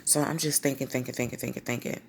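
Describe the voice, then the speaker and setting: A woman vlogger telling a personal story, lively and slangy, acting out quotes. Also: extremely low pitch, quick pace, creaky, slight background noise. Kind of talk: storytime vlog.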